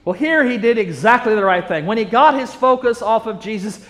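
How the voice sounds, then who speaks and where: High-voiced preacher in a reverberant hall. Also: male voice, very animated, brisk, few pauses, fairly bright tone. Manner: earnest, emphatic, repetitive preaching cadence. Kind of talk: sermon.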